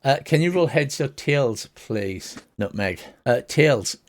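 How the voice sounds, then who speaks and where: A man narrating as game master of a tabletop game in a casual way, with frequent filler pauses. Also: mid-range voice, expressive.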